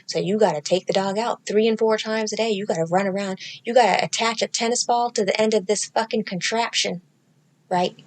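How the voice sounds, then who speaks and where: A woman podcast host telling a comedic story in casual chat, profane and sassy, with animated delivery. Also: mid-range voice, fairly quick. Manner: profane, animated, sassy delivery with mocking baby-talk impressions.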